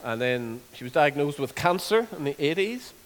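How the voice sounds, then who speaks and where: A man preaching a sermon, earnest, repeating words and slowing down to stress scripture. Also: fairly high pitch, very animated. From Northern Ireland. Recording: long hall reverb.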